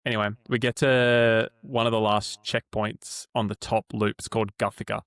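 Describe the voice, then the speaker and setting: An Australian podcast co-host in his twenties or thirties spins a rambling, animated anecdote, laid-back and swearing freely in casual storytelling chat. His voice is on the low side, clear and resonant, at a normal speed, with no room sound.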